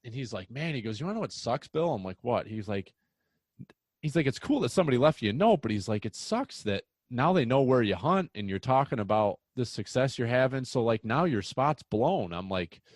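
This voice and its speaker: A young man hosting a casual hunting podcast, telling rambling, excitable stories. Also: medium pitch, brisk, no room sound. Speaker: podcast host.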